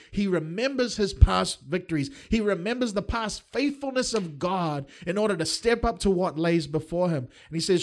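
A man's voice: sits high, lively intonation, normal speed, few pauses, a little mellow. A middle-aged man preaching a livestreamed sermon, earnest and fervent, with touches of light humor. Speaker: pastor.

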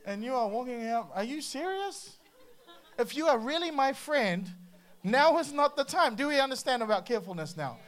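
A man preaching a sermon to a congregation, humorous and animated, breaking into playful voices and sound effects. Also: very high-pitched, fairly quick. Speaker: pastor.

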